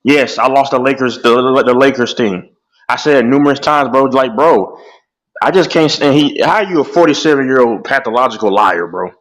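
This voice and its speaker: Animated man venting about sports. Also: medium pitch, fairly quick, poor audio. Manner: animated, repeats "bro" often. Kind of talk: heated casual sports chat.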